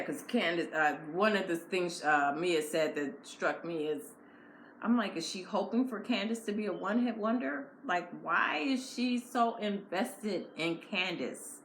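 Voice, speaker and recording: A woman's voice: low-pitched, fairly bright tone. A woman giving a casual, blunt and opinionated recap of a reality show episode. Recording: echoey room with faint noise.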